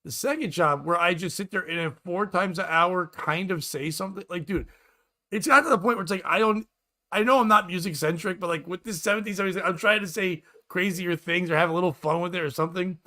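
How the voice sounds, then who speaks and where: Podcast host, male, higher pitch, bright edge, rambling profane banter. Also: fairly quick. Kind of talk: casual comedic chat.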